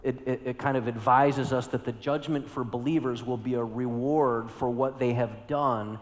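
A middle-aged male pastor preaching a sermon, going from hushed storytelling to loud, urgent exclamations. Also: mid-range voice, fairly even intonation, moderate pace, in a large hall.

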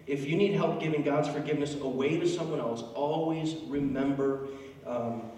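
A man's voice: a little high, darkish tone. A male pastor preaching a sermon in a conversational, emphatic storytelling manner, recorded in a large church. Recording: echoey hall, distant mic, faint noise.

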